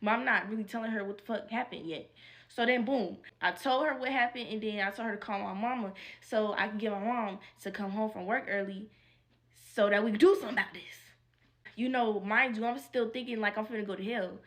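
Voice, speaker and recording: A woman vlogger telling a casual storytime, animated and profane, with constant "like" fillers. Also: mid-range voice, brisk.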